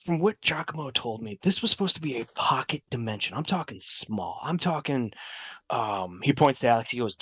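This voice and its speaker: A man's voice: mid-range voice, lively intonation, brisk, fairly bright tone, slightly rough, dry recording. A man narrating as game master in a tabletop game, talking casually with many fillers and restarts.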